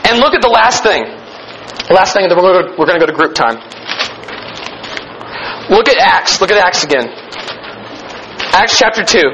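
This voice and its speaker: A man preaching a sermon with emphatic delivery, repeating key phrases and slowing down to stress them. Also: high-pitched, expressive, a bit bright, lo-fi sound, a little hiss or hum. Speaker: pastor.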